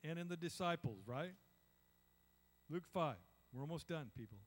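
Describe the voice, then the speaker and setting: A man's voice: fairly high pitch, expressive, moderate pace. An older man preaching a conversational sermon, acting out little voices and asking the congregation "amen?". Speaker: pastor.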